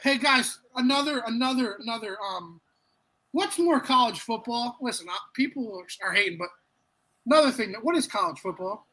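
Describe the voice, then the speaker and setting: Brief: male co-host, bright ranting delivery, profane sports banter. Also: very high-pitched, expressive, moderate pace, low-quality recording. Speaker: podcast co-host. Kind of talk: casual sports chat.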